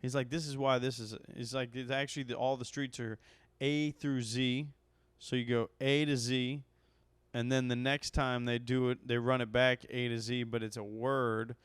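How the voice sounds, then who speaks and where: A man's voice: mid-range voice, little pitch movement, normal speed, clean tone, dry recording. A man, a comedian hosting his own podcast, telling a rambling, profane story and getting worked up as he goes. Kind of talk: casual storytelling monologue.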